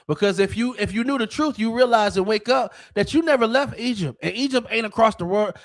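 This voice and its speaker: High-voiced man on a heated rant. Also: brisk. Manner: heated, profane, with many restarts. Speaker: podcast host. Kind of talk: casual podcast rant.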